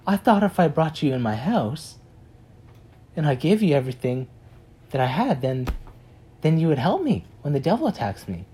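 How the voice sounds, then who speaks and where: A man voicing a desperate homeowner who pleads in a high, strained voice. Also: sing-song, moderate pace, pauses often, warm tone, breathy edge, full character voice. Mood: pleading. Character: desperate man beaten by the devil.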